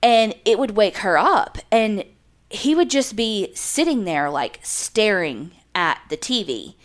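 A woman retells a true crime case in loose, profane podcast chat, full of fillers. Her pitch moves about a great deal, sitting in the middle of the range. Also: big pitch swings, takes it slowly. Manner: profane, chatty retelling with many "like" fillers and acted quotes. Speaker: podcast co-host. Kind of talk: casual true crime storytelling.

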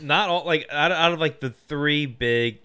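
A man co-hosting a casual film discussion, chiming in with quick agreement and his own points. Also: on the high side, sharp tone, smooth.

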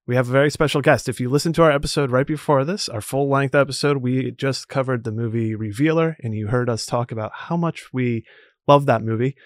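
A man hosts a horror movie podcast in a loose, rambling way, often restarting his sentences. His voice sits at a middle pitch. The sound is dry and close. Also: fairly quick, dry recording. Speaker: podcast host. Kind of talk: casual podcast chat.

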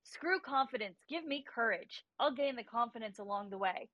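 A woman's voice: fairly high pitch, expressive, moderate pace, fairly bright tone, no echo, lo-fi sound. A woman in her thirties, a guest on a livestream call, telling a passionate, faith-driven story about her daughters. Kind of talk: livestream interview. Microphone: remote call.

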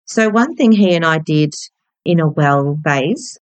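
Gentle, low-voiced woman. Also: lively intonation, a little slow, smooth, no room sound, poor audio. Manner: reflective, gentle, candid. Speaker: podcast host. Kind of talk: personal storytelling podcast.

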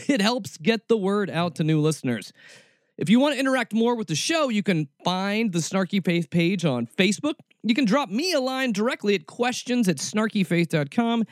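A man hosting a radio talk show in a studio, with an animated, jokey and sarcastic way of talking. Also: high voice, dry recording.

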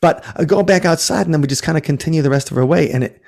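A man's voice: fairly high pitch, racing, creaky, darkish tone. A man who runs ghost tours, telling a story in a casual interview, rambling and restarting, acting out what people said. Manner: rambling, self-correcting, acts out quotes. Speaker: ghost tour operator.

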